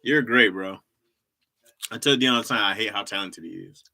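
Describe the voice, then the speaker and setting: A man's voice: on the low side, fast talker, gravelly, bright, forceful tone, a little hiss or hum. A young man hosting a casual livestream, bantering with chat and laughing often. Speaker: livestream host.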